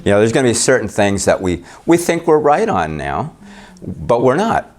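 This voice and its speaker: A man's voice: on the low side, very animated, normal speed, a little mellow. A man leading a Bible study class, talking in a chatty, rambling way with easy humor about himself. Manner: chatty, rambling, self-deprecating. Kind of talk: casual class discussion.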